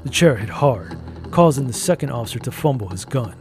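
A man narrating a first-person story in an even, measured way. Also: medium pitch, noisy background.

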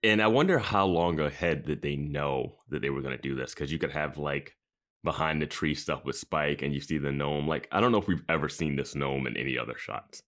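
A man with an extremely deep voice co-hosting a casual podcast. He talks about a TV episode in an easygoing, laid-back way, chuckling and agreeing often. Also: brisk, a bit bright. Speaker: podcast co-host.

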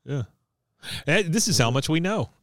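Smooth-voiced man recapping an episode. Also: fairly high pitch, animated, moderate pace, fairly bright tone, no room sound, studio quality. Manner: rambling, many fillers. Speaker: podcast host.

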